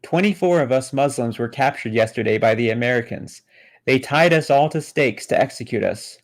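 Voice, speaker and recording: A man's voice: mid-range voice, moderate pace, natural voice. Man reading as a panicked fleeing man. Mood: distraught. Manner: flat read-aloud, no put-on accent.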